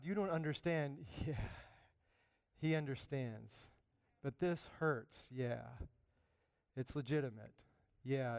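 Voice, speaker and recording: A man preaching a sermon, animated, swinging from loud emphatic bursts down to quiet asides. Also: medium pitch, clean tone, dry recording, studio quality. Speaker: pastor.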